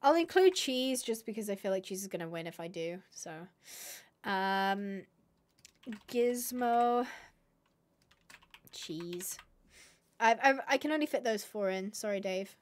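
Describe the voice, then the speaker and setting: A young woman live-streaming a game in casual chatter, reading chat aloud and breaking into excited squeals. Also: mid-range voice, a little slow, pauses often.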